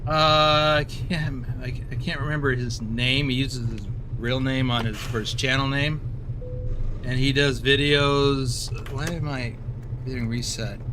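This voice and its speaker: A man's voice: medium pitch, measured pace. A middle-aged man hosting a live stream, chatting casually over gameplay and often losing his train of thought. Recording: steady background noise.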